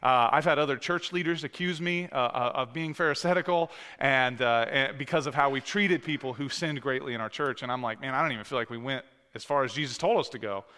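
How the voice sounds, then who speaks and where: This pastor in his thirties speaks in a mid-range voice, fairly quick and with few pauses, bright and forceful. His sermon is relaxed and conversational, full of fillers and restarts, and the church sanctuary adds long hall-like reverb.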